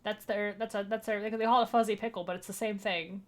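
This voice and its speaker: A woman's voice: mid-range voice, fairly even intonation, fast. A woman streaming a game, giving playful, jokey casual commentary and reading the game's lines aloud. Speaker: vtuber streamer. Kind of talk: casual let's-play commentary. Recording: game music playing clearly behind.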